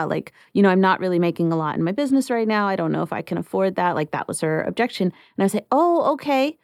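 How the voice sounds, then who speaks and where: Her voice on the low side, a thirtysomething woman hosting a podcast chats easily and acts out quoted dialogue. The recording is studio quality with no echo.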